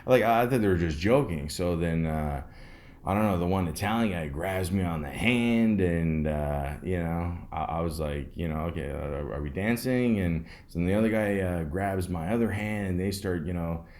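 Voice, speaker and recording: A man's voice: sits low, normal speed, darkish tone. A middle-aged man hosting a podcast, telling a story in a rambling, sarcastic way with lots of fillers and restarts. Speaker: podcast host. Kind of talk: casual storytelling monologue.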